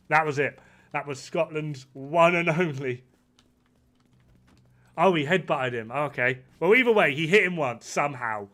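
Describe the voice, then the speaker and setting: Man, gameplay commentator, bright tone, rambling and amused delivery. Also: on the high side. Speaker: gaming streamer. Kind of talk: casual commentary while playing.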